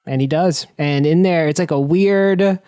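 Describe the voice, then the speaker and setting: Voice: medium pitch, measured pace, dark tone, clean tone, dry recording, clean studio sound. A podcast co-host retelling film scenes animatedly, acting out the characters' lines. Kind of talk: casual chat.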